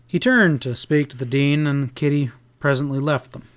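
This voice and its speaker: A man narrating a classic western audiobook with a steady, measured reading. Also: medium pitch. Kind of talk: scripted narration.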